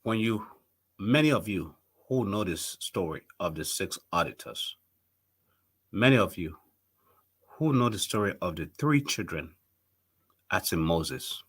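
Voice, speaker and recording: Middle-aged Liberian male host: preachy and fervent, swooping animated delivery. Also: sits low, a little slow, pauses often, husky. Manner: impassioned, preachy appeals to viewers. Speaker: talk show host. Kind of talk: live political commentary.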